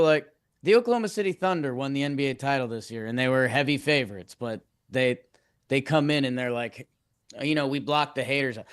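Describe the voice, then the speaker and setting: Podcast co-host, man, smooth clear voice, a bit higher than most, rambling frustrated talk. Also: a bit bright, no echo, clean studio sound. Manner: frustrated, rambling, restarts often. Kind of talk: casual sports podcast chat.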